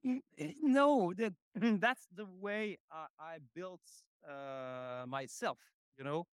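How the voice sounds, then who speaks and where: Slow, halting French man in his forties. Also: sits high, smooth, dry recording, studio quality. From France. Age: 40s. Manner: slow, halting, many fillers. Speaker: guest. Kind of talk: podcast interview.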